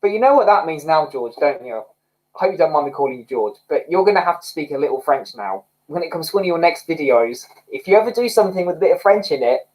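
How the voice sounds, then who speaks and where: A man's voice: on the high side, lively intonation, fast talker, a little mellow, poor audio. A young man hosting a livestream, chatting casually and rambling expressively while reading out comments. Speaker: livestream host.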